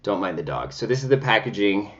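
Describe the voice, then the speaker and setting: Man, low voice, dramatic, chatty makeup review, dull recording. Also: big pitch swings, fast talker, fairly bright tone, a little hiss or hum. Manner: chatty and dramatic, sassy exclamations. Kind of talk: casual makeup review vlog. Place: home.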